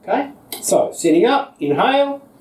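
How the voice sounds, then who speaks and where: An Australian man leading a seated yoga class, giving calm, patient cues timed to the breath. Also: high-pitched, unhurried. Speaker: yoga teacher. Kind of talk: guided seated yoga instruction. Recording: echoey room, voice picked up from a distance.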